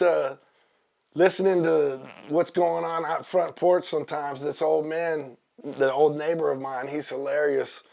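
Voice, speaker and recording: A man's voice: fairly high pitch, vocal fry, a little mellow. A man guest telling long jokes in a loose, rambling way, voicing the characters. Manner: loose, rambling joke delivery with voiced characters. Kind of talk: comic joke telling.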